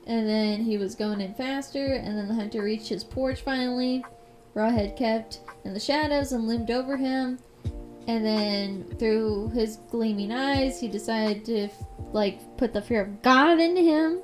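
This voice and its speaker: A woman's voice: fairly high pitch, steady tone, unhurried, darkish tone, faint music behind. Profane rambling female streamer storyteller. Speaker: live streamer. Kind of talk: casual reading of a scary story.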